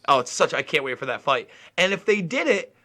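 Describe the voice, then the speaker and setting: A man's voice: on the high side, very animated, brisk, sharp tone. A man hosting a podcast, chatting casually and animatedly about fighting sports, swearing freely and laughing often. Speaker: podcast host.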